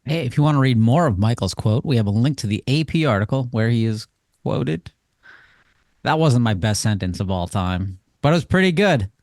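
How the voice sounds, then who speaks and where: A man co-hosting a casual podcast, tossing off sarcastic jokes as he talks. His voice sits at an ordinary middle pitch. The sound is close and dry, with no room echo. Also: lively intonation, normal speed, darkish tone. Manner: joking, sarcastic asides. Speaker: podcast co-host.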